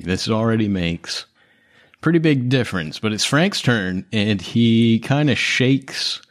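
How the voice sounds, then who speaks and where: A man running a tabletop game as game master, explaining rules casually with some swearing. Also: on the low side.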